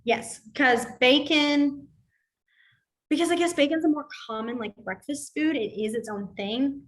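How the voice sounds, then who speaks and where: A somewhat high-voiced woman leads an informal sign language class. She talks in a loose, chatty way, scattering fillers through her explanations and stories. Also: a little slow. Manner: chatty, filler-heavy, animated storytelling. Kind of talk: casual class teaching.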